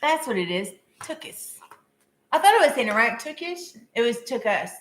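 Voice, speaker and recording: A woman's voice: on the high side, sing-song, quick pace, roomy sound, a little hiss or hum. A woman doing a live-stream tarot reading in a chatty, casual way, full of filler words and giggles. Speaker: tarot reader.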